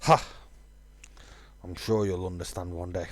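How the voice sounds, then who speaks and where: A man's voice: sits low, moderate pace, a little mellow, no echo. A man, musing aloud with fillers while streaming a game. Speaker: gaming streamer. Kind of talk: casual let's-play commentary.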